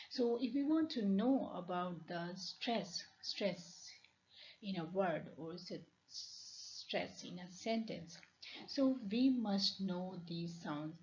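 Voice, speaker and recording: A woman's voice: on the low side, muffled recording. A woman university lecturer with a Pakistani English accent, giving a recorded linguistics lecture and often repeating and rephrasing herself with fillers.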